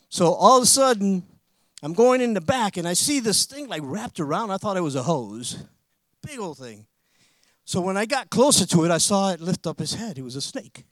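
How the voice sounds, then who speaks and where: A man with a high voice preaches a sermon, telling a story in an animated way that climbs into forceful proclamations. The sound is close and dry, with almost no room echo.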